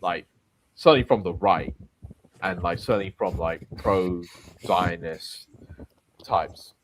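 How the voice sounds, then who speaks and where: A man co-hosting a casual political podcast, explaining his points in a measured way. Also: sits low, a little hiss or hum.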